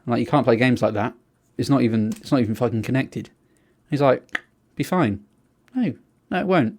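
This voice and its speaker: A young man, co-hosting a podcast, telling a story in a casual chat and acting out the quotes with lots of laughter. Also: medium pitch. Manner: animated storyteller, acts out quotes, laughs a lot. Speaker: podcast co-host.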